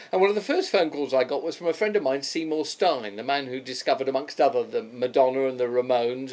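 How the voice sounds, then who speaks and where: An older man telling a personal anecdote, lively and chatty, briefly putting on the voices of the people in the story. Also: medium pitch. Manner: animated, puts on quick voices for others.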